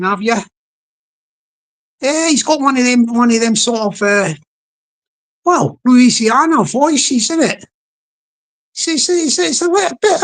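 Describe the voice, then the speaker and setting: Woman, livestream host, slow rambling chatter, slightly high voice. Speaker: live streamer. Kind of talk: casual livestream chat.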